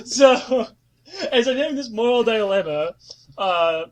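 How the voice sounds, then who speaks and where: A man in his twenties telling a comedic personal story on a podcast, animated and swearing, now and then breaking into mock-dramatic singing. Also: extremely high pitch, slow pace, a little hiss or hum. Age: 20s.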